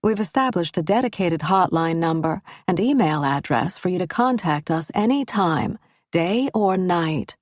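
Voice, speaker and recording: A woman's voice: on the low side, expressive, normal speed, no echo, studio quality. A woman voicing a female airline representative who speaks in a carefully neutral, businesslike, scripted tone. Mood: formal, neutral.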